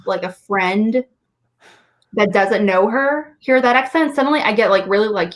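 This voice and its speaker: A woman's voice: mid-range voice, moderate pace. A woman co-hosting a casual chat, rambling with many fillers. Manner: rambling, lots of fillers and laughs. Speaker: co-host.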